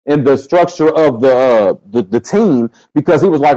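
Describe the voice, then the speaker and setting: A man's voice: mid-range voice, animated, normal speed, hardly any pauses, mellow. A man hosting a live stream, ranting heatedly and cursing as he talks straight to his viewers. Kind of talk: casual commentary to a live audience. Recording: dull lo-fi sound.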